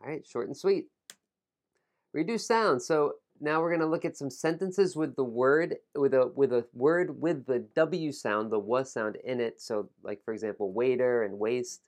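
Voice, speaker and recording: Man teaching pronunciation with slow drills. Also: medium pitch. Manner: slow, deliberate modeling of words, casual asides. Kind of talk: pronunciation lesson, listen and repeat drills.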